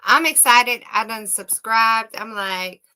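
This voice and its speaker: A woman, co-hosting a casual livestream chat, a loud, laughing, salty storyteller. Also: fairly high pitch, takes it slowly, low-quality recording. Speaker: co-host.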